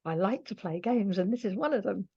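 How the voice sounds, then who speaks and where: A woman voicing a young male cat who jokes, speaking quietly and calmly. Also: medium pitch, fairly quick, slightly rough, highs cut off. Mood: playful. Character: joking but gentle young male cat.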